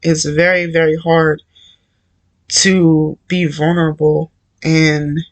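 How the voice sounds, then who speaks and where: A man speaks in an earnest, conversational devotional talk, circling back to his points and leaning on casual fillers. His voice sits somewhat high for a man and stays on a narrow, level pitch. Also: level tone, slow pace. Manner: earnest, repetitive, conversational with many "like" and "you know". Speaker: Christian encourager.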